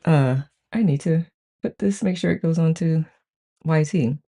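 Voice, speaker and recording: An unhurried, mellow, mid-range voice belongs to the host of a live book-study group. Chatting casually on a live stream, they welcome viewers by name, read the chat aloud with gushing enthusiasm, and say "I love it" often.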